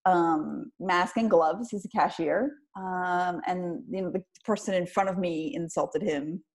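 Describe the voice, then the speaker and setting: Woman, podcast guest, lowish voice, thoughtful, hesitant, casual chat. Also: unhurried. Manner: thoughtful, hesitant, many restarts. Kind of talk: casual conversation.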